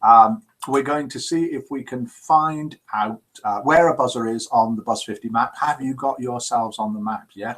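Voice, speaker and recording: A man hosting a live call-in show, in a jokey, lively manner, chatting and reading out listener messages. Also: medium pitch, moderate pace, hardly any pauses.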